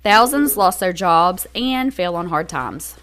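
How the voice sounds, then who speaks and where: Lady reading out a true crime story on a podcast, kinda low voice, stops to explain stuff. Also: lively intonation, fairly bright tone. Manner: reads a script, pauses to explain. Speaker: podcast host.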